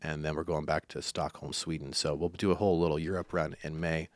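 Deep-voiced man telling rambling stories. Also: little pitch movement, brisk, no echo, clean studio sound. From Iowa, USA. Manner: rambling, with many fillers and restarts. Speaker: country musician guest. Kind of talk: casual storytelling interview.

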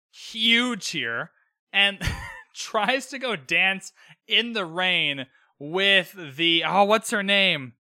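A young man with a high, lively voice recaps a show on his own podcast mic. His tone is bright and sarcastic, and he swears freely. The sound is dry and close. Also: no echo. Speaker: podcast host. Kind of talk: casual recap commentary. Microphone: own podcast microphone.

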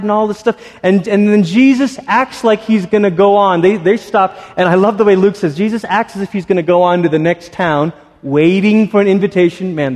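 A man preaching a sermon in a church, talking in a conversational, animated storytelling way with quick asides. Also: high voice. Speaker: pastor. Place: church sanctuary. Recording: reverberant church hall.

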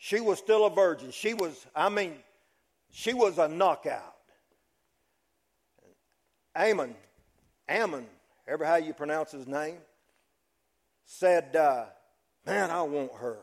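A preacher delivers his sermon as a dramatic story. His voice is higher than usual for a man, and he takes his time, swinging from loud to hushed. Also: expressive, slow pace, long pauses. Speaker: pastor.

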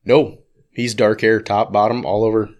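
A man with a lowish voice, talking in a dry, teasing way and swearing as he goes. He's a podcast co-host in relaxed casual chat with a glass of whiskey. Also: moderate pace, lo-fi sound. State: drinking whiskey.

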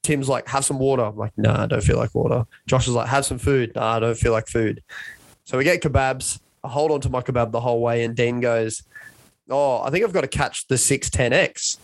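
A man's voice: mid-range voice, a little fast, gravelly, dry recording. Young adult man, rambling self-mocking storyteller, dry close sound. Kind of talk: casual storytelling chat.

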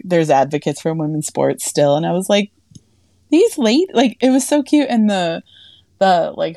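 A young woman on a podcast tells a story in a chatty, animated way, and she leans on "like" constantly. Her voice sits low and mellow. It is recorded dry and close. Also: no room sound. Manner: chatty, animated, heavy use of "like". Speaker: podcast co-host. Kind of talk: casual storytelling chat.

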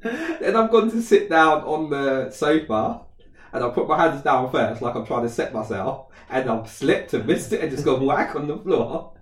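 A man's voice: on the high side, normal speed. A man, chatting casually and acting out a story, laughing often. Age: 30s. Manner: animated storyteller, laughs often, acts out quotes. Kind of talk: casual chat. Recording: roomy sound, mic a bit distant.

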